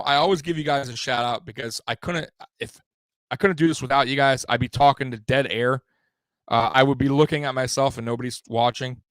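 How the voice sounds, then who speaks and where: A young man hosting a live sports show, swearing freely and rambling with sudden loud bursts. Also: medium pitch, dry recording. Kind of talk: casual live-stream sports talk.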